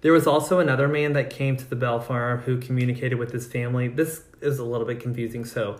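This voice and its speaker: A man's voice: mid-range voice, steady tone, fast. A man co-hosting a podcast, telling a spooky story in a chatty way, swearing freely and acting out quotes. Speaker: podcast co-host. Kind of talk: casual storytelling. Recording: echoey room.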